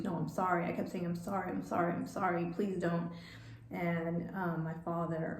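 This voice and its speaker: A woman telling a personal story for her vlog, halting and hesitant, often restarting her sentences. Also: mid-range voice, a little mellow. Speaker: vlogger. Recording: echoey room, faint background noise.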